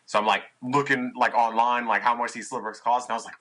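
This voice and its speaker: A man's voice: medium pitch, steady tone, quick pace, a bit bright, poor audio. A young man, a guest on a podcast, telling a tour story in casual, profane chat and acting out his own past lines. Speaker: podcast guest, touring musician.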